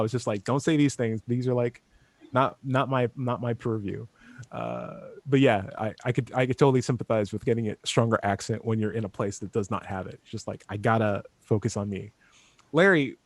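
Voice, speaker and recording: A man from California hosting a casual podcast, energetic, rambling and playful. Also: medium pitch, fairly quick, no room sound. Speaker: host.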